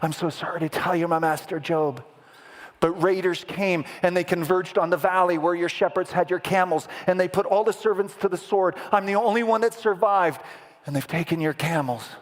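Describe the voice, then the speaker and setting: A man's voice: fairly high pitch, steady tone, fairly quick, few pauses, pitched above the performer's own voice, natural voice. A man voicing a male servant who apologizes while urgently reporting a raid to his master. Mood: frantic. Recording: echoey hall with long reverb.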